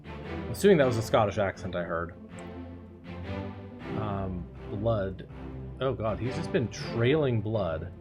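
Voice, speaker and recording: A man's voice: fairly low pitch, lively intonation, measured pace, pauses often, music in the background. A man streaming a video game, thinking aloud and musing in casual commentary.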